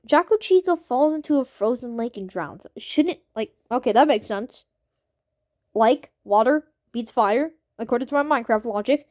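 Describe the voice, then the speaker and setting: Young girl voice, high and bouncy, reads off game events then freaks out, super dry mic. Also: no echo. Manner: excitable, incredulous outbursts, casual slang. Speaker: gaming commentator. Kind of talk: reading out a simulator and reacting.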